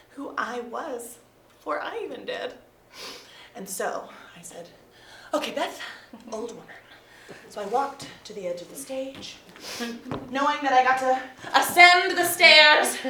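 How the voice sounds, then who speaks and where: A woman who teaches theatre tells a lively, laughing story to a live audience. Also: on the high side, creaky, distant mic. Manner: animated, laughing often. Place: performance room with an audience. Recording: echoey room, mic from afar, crowd noise.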